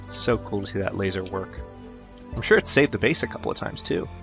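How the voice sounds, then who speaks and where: A man's voice: sits low, brisk, a bit bright, faint music behind. A man giving casual let's-play commentary, chatty and upbeat, thinking aloud with fillers as he plays. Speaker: gameplay commentator.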